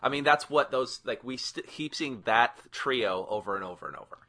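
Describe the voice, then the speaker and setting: A man chatting casually on a podcast, animated, swearing now and then and using lots of fillers. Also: mid-range voice, normal speed.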